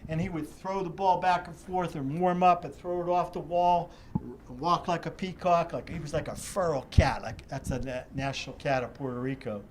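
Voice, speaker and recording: An older man from the Pittsburgh area, a charity executive director, is a guest in an interview, telling long, vivid stories with animation and many restarts. His voice is fairly high at a moderate pace, with slight background noise.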